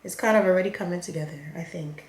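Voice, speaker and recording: A young woman chats through a messy storytime while putting on her makeup. She talks in a lively, animated way and acts out everyone's lines. The sound bounces around an echoey room. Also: on the low side, fast talker. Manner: chatty, animated, acts out quotes. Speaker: vlogger.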